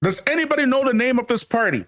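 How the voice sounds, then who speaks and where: A man's voice: extremely high pitch, expressive, fast, fairly bright tone. A man hosting a casual commentary monologue, emphatic and repetitive, calling his viewers family and laughing often. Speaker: channel host.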